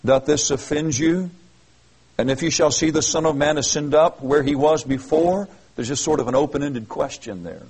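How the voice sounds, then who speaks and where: A man's voice: a little high, brisk, few pauses, darkish tone, husky, poor audio. A man preaching an expository sermon, reading verses aloud and explaining them earnestly with emphatic, repeated phrases. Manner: earnest, emphatic, with frequent restarts. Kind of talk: expository Bible teaching.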